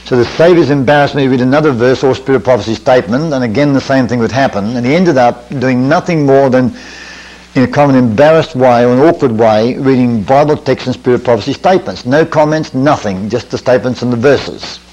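A man's voice: mid-range voice, fairly quick, a little mellow, dull audio. An older man, preaching at a camp meeting in a folksy storytelling way with self-deprecating asides, in a 1980s recording. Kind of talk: sermon storytelling. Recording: 1980s radio-quality recording.

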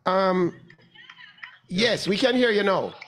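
A man hosting a sports talk show, animated, with many restarts and repeated words. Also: sits high, slow, slight background noise. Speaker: radio sports talk host. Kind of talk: casual talk show chat.

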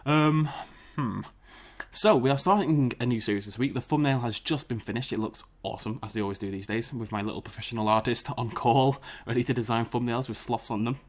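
A man's voice: mid-range voice, brisk. A British man hosting a gaming channel, chatting casually to camera in a jokey, self-mocking way, recorded on a dedicated mic. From Britain. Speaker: YouTube gaming channel host. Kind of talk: casual vlog chat to camera.

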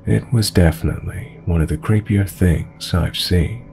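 Male horror narrator with a low, gravelly voice and a calm, measured read. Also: soft background music. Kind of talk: scripted horror story narration.

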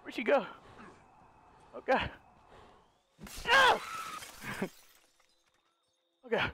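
High, taunting, giggly male gamer. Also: animated, unhurried, clear, resonant tone. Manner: taunting, giggly, bursts of yelling. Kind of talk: game commentary, playing as killer.

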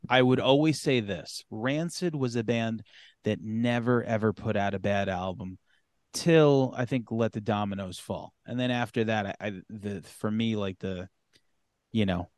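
Male podcast host, fairly low voice, casual chat, loose and profane, lots of ums, dry close sound. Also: a little slow, no echo. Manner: loose and profane, many fillers.

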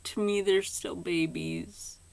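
An older woman chatting casually to camera as a channel host. She rambles softly, often slides into a half-whisper, and gets emotional and tearful at times. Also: medium pitch, wildly swooping pitch, slow, clean tone.

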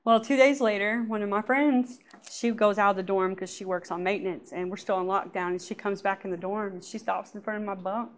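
A woman giving a lively personal testimony at church, often laughing and acting out what people said. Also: mid-range voice, fairly quick, slight background noise.

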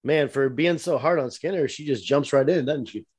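A man's voice: medium pitch, moderate pace, darkish tone, slightly rough. A man co-hosting a podcast, tossing in joking asides and casual banter. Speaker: podcast co-host.

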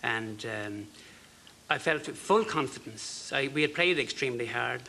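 An Irish man in his fifties with a gravelly but bright voice tells his story as a talk show guest. He speaks earnestly and haltingly, and some phrases drop almost to a whisper. Faint studio noise sits behind him. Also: medium pitch, lively intonation. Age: 50s. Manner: earnest, halting, with fillers and soft dropped phrases. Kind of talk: personal storytelling.

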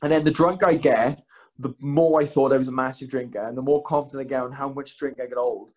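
Fast-talking young man. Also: mid-range voice, steady tone, darkish tone. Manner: rambling storyteller, swears, self-mocking. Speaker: guest, fighter. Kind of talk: casual podcast chat.

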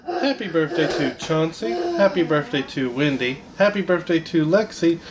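A man's voice: a little high, sing-song, normal speed, noisy background. A man co-hosting a casual family vlog, laid-back with dry joking asides. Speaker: co-host, husband.

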